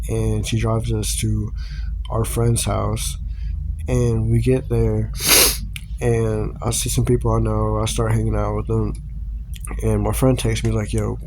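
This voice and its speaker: Gravelly low-voiced young male storyteller. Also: noisy background. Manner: slangy, profane, laid-back. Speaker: storytime vlogger. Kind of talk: casual storytelling.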